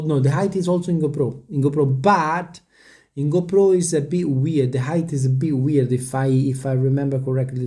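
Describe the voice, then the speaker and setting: A man with a mellow, relaxed tone talks casually to the camera for his viewers. English is not his first language, and he rambles, repeats himself and restarts his sentences often. He sometimes stumbles over how to pronounce a word. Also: medium pitch. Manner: rambling, hesitant, with many restarts. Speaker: vlogger.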